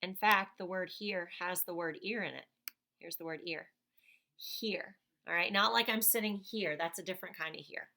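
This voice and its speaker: A woman's voice: fairly low pitch, fairly quick, vocal fry, hardly any pauses, sharp tone. A woman teacher giving a phonics lesson to young children, patiently sounding out words.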